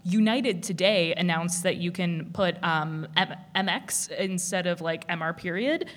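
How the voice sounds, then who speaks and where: A woman speaking on a panel in a casual discussion, animated, with many restarts and laughs. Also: fairly low pitch, unhurried.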